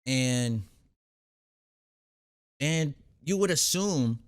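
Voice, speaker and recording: A man's voice: medium pitch, expressive, very slow. A young man hosting a reaction video, casually recapping an episode in a rambling way, full of fillers and restarts.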